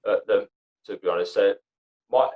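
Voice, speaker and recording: A man's voice: on the low side, normal speed. Sweary young man, muffled. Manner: blunt and sweary, rambling with many fillers. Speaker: podcast guest, comedy actor and writer. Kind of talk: casual chat. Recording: dull lo-fi sound.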